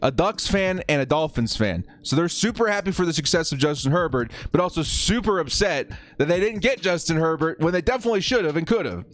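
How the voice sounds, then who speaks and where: A man hosting a casual live watch-party stream, chatting excitably with viewers and laughing often. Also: on the high side, a little fast, few pauses, soft background music. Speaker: livestream host.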